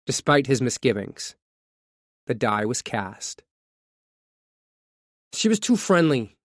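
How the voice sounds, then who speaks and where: A man narrating a true crime audiobook, reading a confession in a measured first-person voice. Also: medium pitch, big pitch swings, no echo, studio quality.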